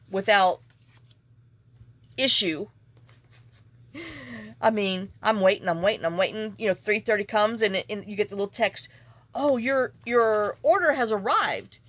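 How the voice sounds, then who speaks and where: A woman's voice: mid-range voice, measured pace, long pauses, fairly bright tone, dry recording. A woman vlogger telling a story in a chatty, exasperated way while she works on a papercraft project at home. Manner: chatty, exasperated, salty venting. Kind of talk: casual storytelling while crafting.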